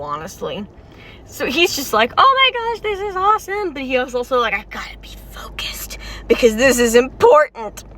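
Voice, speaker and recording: A woman's voice: a little high, sharp tone. A woman reacting to a game's story in casual, emotional vlog commentary, chatty and full of "like" fillers. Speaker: game story reaction vlogger.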